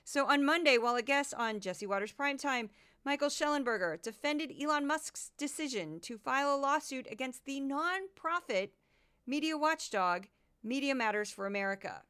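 Bright, clear woman podcast host. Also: high-pitched, lively intonation, normal speed. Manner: indignant, sarcastic. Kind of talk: political commentary podcast.

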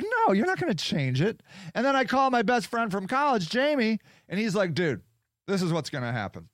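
A man's voice: high-pitched, huge pitch swings, normal speed, a bit bright, no echo. Profane ranting man, dry close sound. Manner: angry, profane and sarcastic. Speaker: podcast host. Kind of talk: casual rant.

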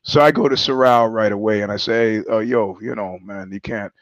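A low-pitched man hosts a podcast in a rambling storytelling monologue, cursing casually and laughing mid-sentence. The audio is dry and close, with a dull, lo-fi tone. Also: fairly even intonation, normal speed, dry recording. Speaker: podcast host.

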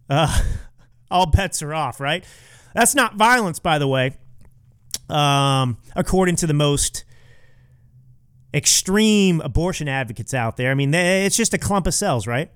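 A man's voice: fairly high pitch, fairly bright tone. A man hosting a political commentary podcast, talking in a sarcastic, mocking way. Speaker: podcast host.

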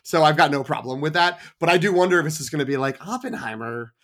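A man's voice: on the high side, very fast, fairly bright tone. Wry, rambling man on a film podcast. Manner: rambling, stammering restarts, wry jokes. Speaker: podcast co-host. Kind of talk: casual film podcast chat.

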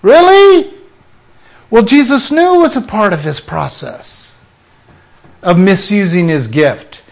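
A man delivering a sermon in a high voice, taking his time with each phrase. He presses his points with rhetorical questions and then drops into quieter asides. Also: wildly swooping pitch, a little slow, creaky. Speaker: preacher.

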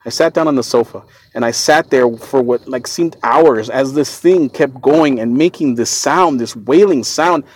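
A man at a middle pitch tells a personal story as a podcast host. He speaks earnestly, sounding shaken, and keeps stumbling, repeating words and restarting his sentences. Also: moderate pace, hardly any pauses, breathy edge.

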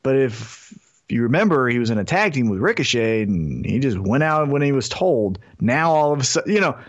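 A man co-hosting a podcast, chatting casually and excitedly about wrestling, swearing often and acting out scenes he pitches. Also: a little fast, lo-fi sound. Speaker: podcast co-host.

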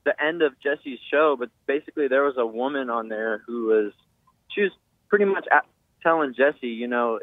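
A man's voice: medium pitch, normal speed, no echo. A man from Texas calling into a talk show, friendly and chatty with some hesitations. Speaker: caller. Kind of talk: casual call-in chat. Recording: tinny phone line.

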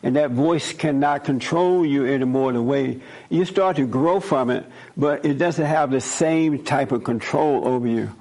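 A man's voice: mid-range voice, a little slow, hardly any pauses, a little mellow. A man giving an informal spoken sermon in a conversational way, repeating his points and often checking in with "right?". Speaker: preacher.

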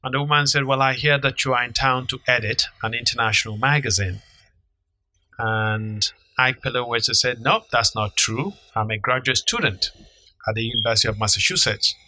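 A middle-aged man co-hosting a podcast, telling an anecdote in an unhurried, measured way. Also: medium pitch, pushed and bright, dry recording, rough recording. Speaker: podcast co-host, author. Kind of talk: casual storytelling chat.

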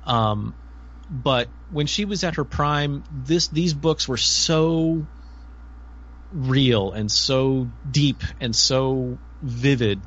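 A man's voice: medium pitch, fairly bright tone. A man with a middling voice on slightly muffled audio talks eagerly on a casual panel. He stops and restarts often and fills the gaps with ums. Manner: enthusiastic, halting, many fillers. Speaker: podcast panelist. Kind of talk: casual chat.

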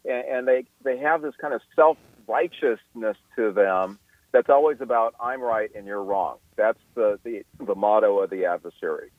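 A man's voice: medium pitch, lively intonation, moderate pace, no echo. Man explaining over a tinny phone line. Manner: explanatory, with frequent restarts and fillers. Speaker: guest expert. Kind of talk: radio interview. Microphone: telephone.

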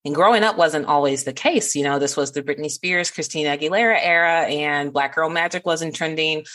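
Woman podcast host, low voice, earnest and warm. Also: brisk. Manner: earnest, warm-hearted, laughs often. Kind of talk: heartfelt conversation.

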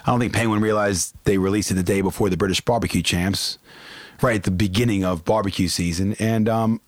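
A man's voice: on the low side, fairly even intonation, brisk, no room sound, studio quality. A middle-aged man, a barbecue cook and DJ, telling anecdotes in casual chat and laughing at his own jokes.

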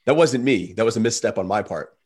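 A man's voice: fairly low pitch, a little fast, darkish tone, breathy edge. A man hosting a podcast, telling stories in a loose, rambling way full of fillers. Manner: rambling storytelling with many fillers. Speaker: podcast host. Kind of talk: casual interview talk.

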